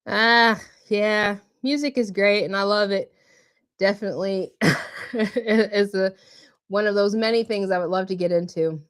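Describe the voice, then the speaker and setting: A woman hosting a live stream, out of breath and laughing, reads viewer comments aloud and warmly answers chatters by name in a chatty manner. Her voice is medium-pitched, fairly even in intonation, and unhurried.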